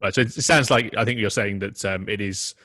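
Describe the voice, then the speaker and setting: A man hosts a webinar in a low voice, recorded dry and close. He speaks hesitantly and fills pauses with ums. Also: pushed and bright, dry recording. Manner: hesitant, filler-heavy. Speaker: webinar host. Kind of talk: hosting a webinar discussion.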